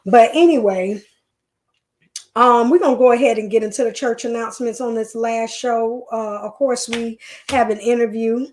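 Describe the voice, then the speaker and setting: A woman's voice: fairly high pitch, moderate pace, darkish tone. A woman hosting a live stream in a chatty, folksy way, talking straight to her viewers. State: leg pain. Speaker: host. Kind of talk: casual live-stream chat.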